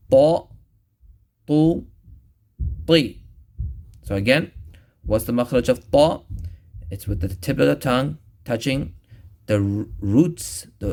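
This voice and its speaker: A man teaching a recorded Quran recitation lesson, patiently explaining where each sound is made and repeating each one slowly. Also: fairly low pitch, creaky, darkish tone.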